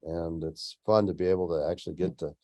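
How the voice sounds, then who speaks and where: A man hosting a podcast conversation, speaking in a low, mellow voice. His manner is relaxed and chatty, and his sentences often trail off softly. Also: quick pace, lo-fi sound. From Tucson, United States. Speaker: podcast host. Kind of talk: casual interview chat.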